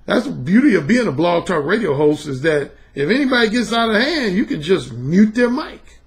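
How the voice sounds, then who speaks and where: Emphatic gravelly-voiced male podcast host. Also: sits high, normal speed. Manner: emphatic, blunt, profane, animated. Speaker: podcast host and dating coach. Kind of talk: casual monologue.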